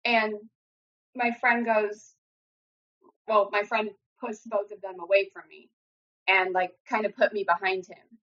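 Bright-voiced young woman telling her story. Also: medium pitch, little pitch movement, a little slow, long pauses. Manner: earnest, frequent "like" fillers. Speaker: guest sharing her story. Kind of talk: personal storytelling. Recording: dull lo-fi audio.

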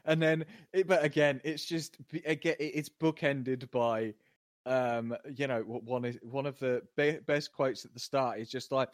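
A man co-hosting a casual podcast, relaxed as he recalls scenes and quotes lines from a TV show. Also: mid-range voice, moderate pace, no echo, clean studio sound. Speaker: podcast co-host. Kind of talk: casual chat recapping a TV episode.

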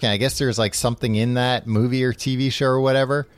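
A man's voice: medium pitch, fairly even intonation, a little fast, few pauses, no echo. A man casually recapping a book on a podcast, rambling with lots of fillers and laughing often. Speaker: podcast host.

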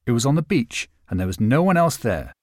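Lively male storyteller, dry close sound. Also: medium pitch, brisk, no room sound. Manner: expressive storytelling. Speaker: audiobook narrator. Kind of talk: scripted narration.

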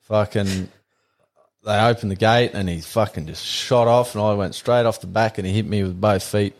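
A man's voice: lowish voice, moderate pace. A man with an Australian accent, a podcast guest and former athlete, telling stories in a laid-back, sweary way. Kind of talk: casual chat.

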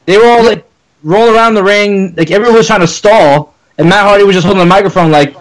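A man guesting on a wrestling podcast, telling stories casually with quick asides. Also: high voice, rough recording.

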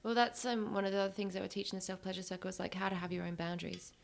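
Fast-talking woman with a gravelly voice. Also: medium pitch, flat delivery, crowd noise. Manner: earnest, teaching tone, many fillers. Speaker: women's workshop facilitator, guest. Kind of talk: explanatory conversation.

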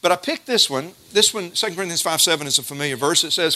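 A middle-aged man preaching a sermon, folksy and storytelling, slowing down to stress scripture verses. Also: on the high side, bright, forceful tone, slight background noise.

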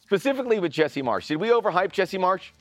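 A man co-hosting a casual studio sports podcast, talking with enthusiastic, expressive energy. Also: high-pitched, fast, no echo. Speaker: co-host, broadcaster.

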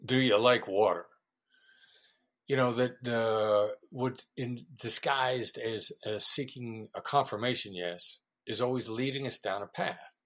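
A middle-aged man, a former negotiator being interviewed, explaining ideas in a lively conversational way and acting out quoted voices. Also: medium pitch, measured pace. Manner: animated storyteller, acts out quoted voices. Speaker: former FBI negotiator, guest.

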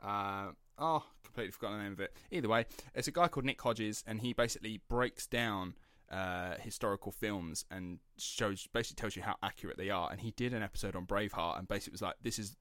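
A man co-hosting a podcast, chatting casually and excitably, with rambling restarts. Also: lowish voice, fast, hardly any pauses, no echo, studio quality. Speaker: podcast co-host. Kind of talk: casual chat.

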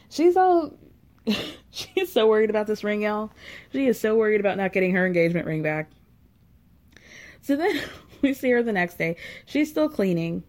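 A woman's voice: medium pitch, sing-song, moderate pace, pauses often, a little mellow. A woman recapping a reality show in a casual, gossipy and sarcastic way, with giggly asides.

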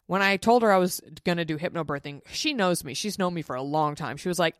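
Low-voiced woman in her 30s doing a solo podcast, chatty and blunt, swears a lot, dry close mic. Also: fast, no echo. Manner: chatty, frank and profane, with mimicked quotes. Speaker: podcast host. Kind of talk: casual solo podcast chat.

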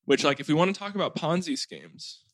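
A man's voice: on the high side, fairly quick, dry recording. A man in his late twenties, host of a podcast, telling stories in a casual family chat with lots of "like" fillers. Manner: rambling, heavy on "like" fillers, animated storytelling.

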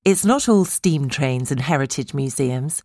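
A woman narrating a feature in a measured, polished, scripted way. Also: extremely low pitch, expressive, a little mellow, dry recording, clean studio sound.

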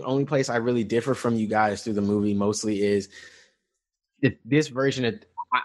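A man co-hosting a casual podcast, giving his take on a film in long rambling stretches full of restarts and fillers. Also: on the low side. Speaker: podcast co-host. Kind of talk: casual movie review chat.

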